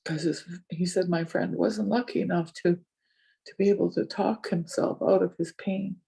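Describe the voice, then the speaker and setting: An older woman speaking as a community elder, recounting a story and acting out both sides of each conversation. Her voice is very mellow and dark, with a husky edge. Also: fairly low pitch, moderate pace. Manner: animated retelling with many quoted exchanges. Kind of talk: storytelling talk.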